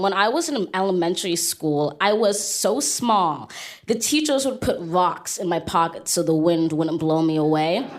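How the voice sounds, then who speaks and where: A young woman tells a personal story live on a theater stage. Her delivery is animated and comic. Her voice sits in a mid range. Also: medium pitch. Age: young adult.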